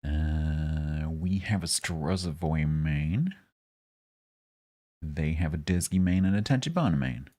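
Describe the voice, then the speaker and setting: A game streamer talks with his chat in a relaxed, joking way. His voice sits very low and has a husky edge. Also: slow pace. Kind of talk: casual live-stream chat.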